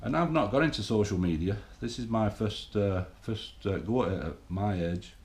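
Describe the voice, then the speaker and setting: A middle-aged man gives a blunt, swearing, rambling pep talk straight to camera. His voice sits fairly low. The room around him rings with echo. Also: moderate pace, darkish tone. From England. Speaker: bodybuilding vlogger. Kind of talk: casual monologue to camera. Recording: echoey room.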